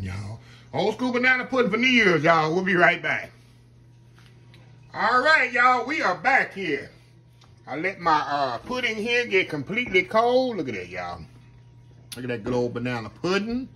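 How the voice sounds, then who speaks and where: A man hosts a casual home cooking vlog, folksy and chatty, often calling out to viewers as "y'all." His mid-range voice is a bit bright, and the recording quality is low.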